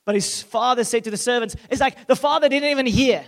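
Man, pastor, very high voice, impassioned sermon, loud-to-hushed swings, acts out scripture characters. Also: fairly quick, long reverb tail.

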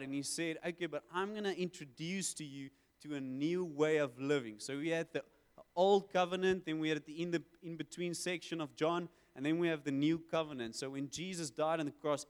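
A man preaching a sermon, conversational with quick asides and emphatic swells. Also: a little high, smooth. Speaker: pastor. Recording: hall with long reverb.

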